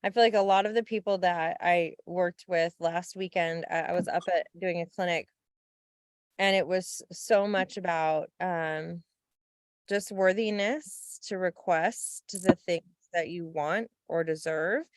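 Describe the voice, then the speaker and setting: A woman's voice: lowish voice, fairly even intonation, unhurried, no room sound, clean studio sound. A woman co-hosting a podcast, talking reflectively in a casual chat and laughing often. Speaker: podcast co-host.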